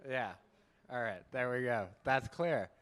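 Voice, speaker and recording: A man's voice: medium pitch, unhurried, a bit bright. A man hosting a live university poetry slam, joking with the crowd and counting down to each poet. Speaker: slam emcee. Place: university event hall.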